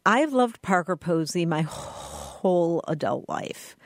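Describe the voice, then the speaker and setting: A woman's voice: fairly low pitch, expressive, takes it slowly, a little hiss or hum. A woman co-hosting a podcast in casual chat, gushing with enthusiasm as she recommends things she loves. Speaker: podcast co-host.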